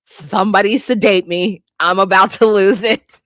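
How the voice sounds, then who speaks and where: A woman hosting comedic pop-culture commentary, animated and incredulous, swearing freely and breaking into laughter. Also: medium pitch, normal speed, no room sound, studio quality. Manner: animated, incredulous, bursts of laughter, profane asides. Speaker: host.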